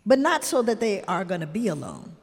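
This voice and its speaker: A grandmother appears as a guest, telling stories reflectively in conversation, earnest and heartfelt, with plenty of "you know" asides. Her mid-range voice is very animated and brisk, and the recording carries long hall reverb.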